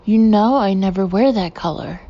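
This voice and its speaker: A woman's voice: medium pitch, unhurried, creaky, breathy edge, lo-fi sound. A woman reading the part of a haughty, patronizing British woman, cool and condescending. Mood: dismissive.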